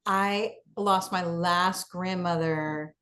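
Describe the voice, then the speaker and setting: A woman's voice: fairly low pitch, fairly even intonation, very slow, fairly bright tone. A woman guest author in casual conversation, candid and reflective with dry humor. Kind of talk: casual chat.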